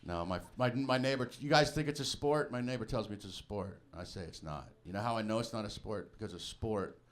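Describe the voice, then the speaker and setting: A fairly low-pitched man moves at a brisk pace through a stand-up set on a club stage. Captured live with the crowd laughing, he tells conversational stories punctuated by punchy asides to the audience.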